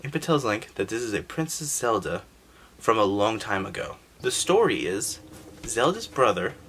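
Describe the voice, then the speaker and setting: A man's voice: fairly low pitch, moderate pace, a little hiss or hum. A man hosting a casual, sarcastic recap of an old video game story, joking and swearing as he goes. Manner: sarcastic, animated, profane. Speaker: gaming history channel host.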